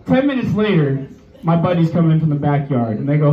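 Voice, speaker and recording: A man's voice: on the high side, normal speed. A man in his twenties doing a stand-up set, telling a profane story loosely and laughing at his own jokes. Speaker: stand-up comedian. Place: small bar stage. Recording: roomy, distant, dull live club recording. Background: crowd reactions.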